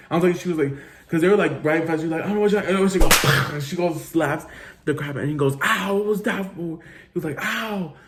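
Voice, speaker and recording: A man's voice: on the high side, very noisy. A young man casually telling a story to his little brother, rambling with lots of fillers, swearing and Spanish words.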